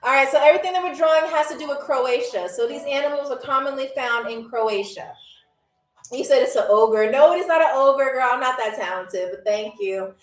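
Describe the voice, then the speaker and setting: A woman's voice: high-pitched, brisk. A woman hosting a live-streamed game show, joking and reading viewer comments, often tagging lines with "okay?" and "all right". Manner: playful, jokey, reads viewer comments aloud. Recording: roomy echo, faint music.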